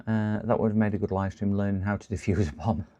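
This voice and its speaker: A man's voice: lowish voice, steady tone, fast talker, warm tone, dull audio. A man, chatting casually on a live stream while repairing computers, rambling and laughing to himself.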